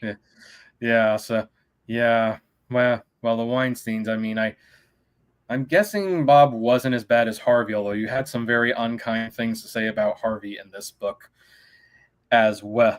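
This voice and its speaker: A man's voice: medium pitch, steady tone, unhurried, smooth. A man hosting an interview show, chatting casually and speaking directly to the audience.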